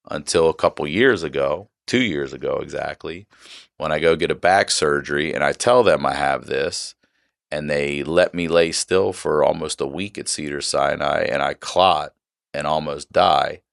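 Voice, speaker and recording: A man's voice: very deep voice, a little slow, gravelly, a bit bright, no room sound, studio quality. A man in his forties, a podcast guest, candidly retelling a personal story in casual, profane, emphatic talk.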